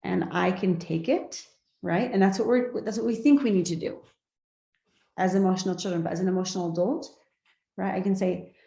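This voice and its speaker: A woman's voice: lowish voice, a little fast, gravelly, dark tone. A woman leading a live coaching class, talking conversationally and often checking in with her listeners. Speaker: life coach. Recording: echoey room.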